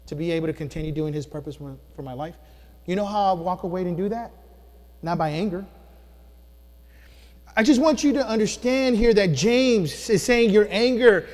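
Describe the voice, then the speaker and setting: A pastor with a high voice preaches with emphasis, firing questions at his congregation. His voice rings with a long reverb through the church. He is a young man. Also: a little mellow. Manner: emphatic, call-and-response with congregation. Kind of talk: sermon. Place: church sanctuary.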